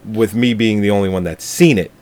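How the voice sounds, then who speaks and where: Low-voiced man, laughing and rambling. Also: a little fast, a little mellow. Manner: laughing, swearing, rambling storyteller. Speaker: podcast co-host. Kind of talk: casual movie review chat.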